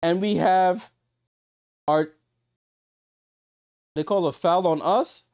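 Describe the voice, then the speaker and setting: Male livestream host, fairly high smooth voice, frustrated play-by-play full of disbelieving laughs. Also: slow, dry recording, clean studio sound. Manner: frustrated, laughing in disbelief, swings between loud outbursts and muttering. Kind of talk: exasperated live game commentary.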